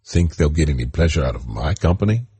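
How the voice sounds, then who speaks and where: A man reading the part of a blunt, bland alien farmer who speaks flatly in a storybook reading. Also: a bass voice, quick pace, breathy edge, heavily acted. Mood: deadpan. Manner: flat, dry.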